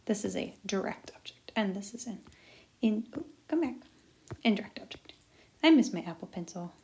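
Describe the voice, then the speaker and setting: A woman's voice: mid-range voice, lively intonation, moderate pace, darkish tone, a little hiss or hum. A young woman teaching a recorded language lesson, chatty and jokey, muttering asides to herself as she writes. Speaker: Spanish teacher.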